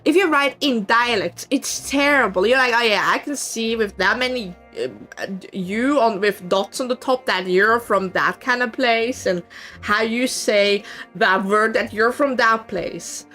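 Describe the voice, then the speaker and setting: Over soft background music, a young Swiss woman with a Swiss German accent chats casually on stream, laughing a lot and cursing freely. Her voice is on the high side with a sharp tone, and she speaks unhurriedly.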